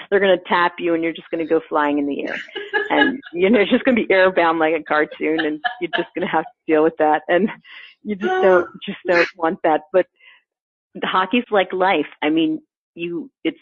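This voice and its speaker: An American woman guest, a composer and conductor, telling lively stories and acting out the people she quotes. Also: on the low side, slightly rough. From United States. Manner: lively, laughing often, acts out quoted people. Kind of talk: animated storytelling in an interview. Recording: tinny phone-line sound, dry.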